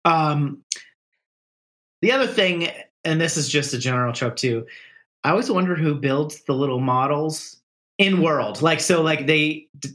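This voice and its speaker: A man's voice: a little high, a little slow, pauses often. A man co-hosting a casual movie discussion, often breaking into quoted lines. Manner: animated, quotes movie lines in mock voices. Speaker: podcast co-host.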